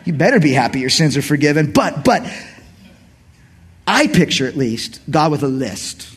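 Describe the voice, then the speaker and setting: A middle-aged man preaching a sermon in church, swinging from quiet asides to shouted emphasis. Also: fairly high pitch, big pitch swings, moderate pace, breathy edge. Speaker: pastor.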